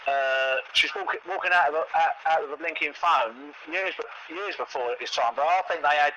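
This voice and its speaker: A man's voice: a little high, moderate pace, sharp tone, dull audio. A man chatting casually, rambling and repeating words as he tells stories, with lots of quoted dialogue. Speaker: co-host. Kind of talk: casual chat. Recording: noisy home recording.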